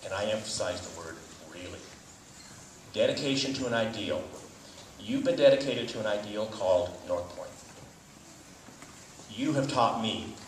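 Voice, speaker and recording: Man, low voice, earnest graduation speaker, emphatic; roomy distant recording, faint background hum. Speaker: commencement speaker. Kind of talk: graduation speech. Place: graduation ceremony venue. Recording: echoey venue from far off.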